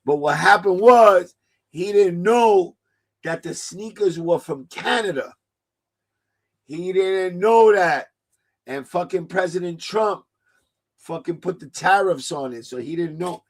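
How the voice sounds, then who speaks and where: A man's voice: high-pitched, slow. A man, hosting a casual livestream, loose and joking and swearing freely. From New York. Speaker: livestream host.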